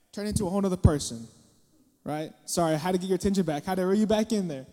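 A young man preaching a casual sermon into a microphone, dropping into acted-out quotes and sudden loud bursts for emphasis. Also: sits high, very fast. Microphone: microphone in a hall. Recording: long hall reverb.

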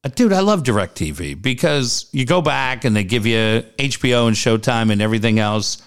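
A man's voice: mid-range voice, moderate pace, clean tone. A middle-aged man chats as co-host of a casual talk show. His voice jumps up and down a lot as he tells a self-mocking story, with plenty of swearing. It is loose, playful banter. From Southern California. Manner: animated storyteller, swears, laughs at himself. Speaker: podcast co-host. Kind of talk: casual chat.

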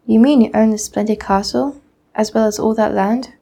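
A kindly old storybook king, courteous and easily impressed, read aloud by a teenage girl. The tone is mellow and dark with some gravel. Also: a little high, steady tone, normal speed. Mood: gracious.

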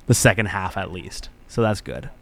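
A man co-hosting a podcast in relaxed, friendly casual chat, running through the show announcements. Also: sits low, moderate pace. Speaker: podcast co-host.

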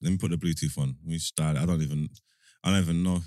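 A man co-hosting a podcast, teasing and excitable in quick banter. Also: very deep voice, no room sound, studio quality. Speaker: podcast co-host. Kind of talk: casual banter.

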